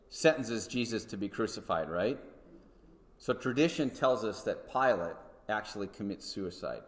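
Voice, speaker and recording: A man teaches a Sunday school Bible lesson in a relaxed, conversational way, often pausing to check in with his listeners. His voice sits at an ordinary middle pitch. It rings with a long reverb from a large church hall. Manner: conversational, checks in with listeners with frequent "okay?" and "right?". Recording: echoey hall.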